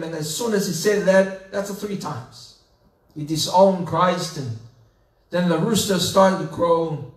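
A high-pitched man preaches with a slow, deliberate delivery, telling the story dramatically and rising into emphatic questions. He sounds set back from the microphone in an echoey church sanctuary. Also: distant mic. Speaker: pastor. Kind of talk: sermon.

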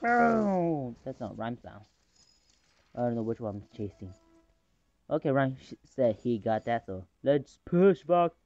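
A man casually commentating his own game match, rambling between calls and excitable in fights. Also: medium pitch, unhurried, a little hiss or hum. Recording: dull lo-fi recording.

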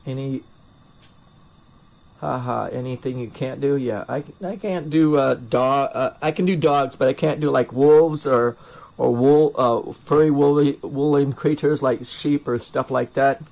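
A man's voice: medium pitch, steady tone, a little slow, gravelly, a little mellow. A middle-aged man with a North Carolina accent, a glassblower chatting casually and a bit self-deprecatingly while he answers viewer questions during a live torch demo, recorded through a first-person camera mic in his home studio. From North Carolina, USA. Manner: rambling and self-deprecating, with frequent restarts. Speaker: glassblower streaming torch demos.

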